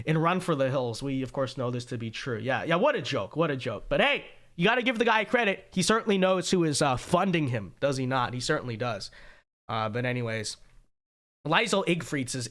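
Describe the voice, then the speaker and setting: Sarcastic high-voiced male commentator. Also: lively intonation, brisk, fairly bright tone. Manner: sarcastic, mocking, joking asides. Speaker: host. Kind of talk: political commentary livestream.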